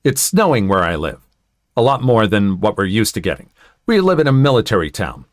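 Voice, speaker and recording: A man reading online stories aloud in an expressive way, adding sympathetic comments of his own. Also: fairly low pitch, brisk, dry recording, studio quality. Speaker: story narrator.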